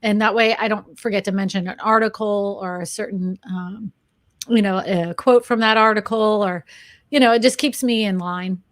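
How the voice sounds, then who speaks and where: A woman co-host with a medium-pitched voice, talking in a chatty and self-deprecating way. She laughs easily as she talks. Her voice sits close and dry, with no room sound. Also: steady tone, normal speed, dry recording. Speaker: co-host, real estate agent and YouTuber. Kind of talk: casual chat.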